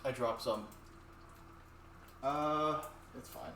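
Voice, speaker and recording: Cooking in his home kitchen on a stream, this young man chats in a loose, rambling, foul-mouthed way, speaking extremely slowly in a medium-pitched, fairly bright voice. The sound is echoey and carries faint noise, captured from a distant microphone.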